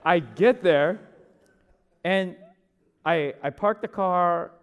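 A young man, a pastor, telling a chatty, animated story from the pulpit, with asides to the listeners. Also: sits high, very slow, clear, resonant tone. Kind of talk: storytelling sermon.

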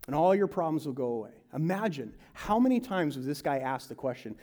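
Animated high-voiced male preacher. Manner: animated preaching, swinging from loud to hushed; mimics salesmen and advisers in quick asides. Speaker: pastor. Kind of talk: sermon.

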